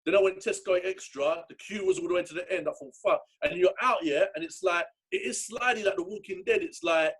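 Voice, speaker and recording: A man, telling stories in a lively, swearing casual chat. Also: high-pitched, slightly rough. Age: 30s. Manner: fast, lively storytelling with swearing. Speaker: podcast host.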